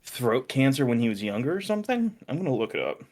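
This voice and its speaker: A man co-hosting a podcast in casual banter, excitable and swearing freely. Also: medium pitch, quick pace. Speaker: podcast co-host. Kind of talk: casual chat.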